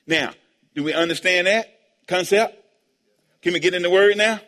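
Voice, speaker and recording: Bright, high-voiced preaching man. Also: moderate pace. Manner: call-and-response, asking the congregation for amens and answers; preaching with sudden loud shouts. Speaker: pastor. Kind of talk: sermon. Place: church sanctuary. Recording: long hall reverb.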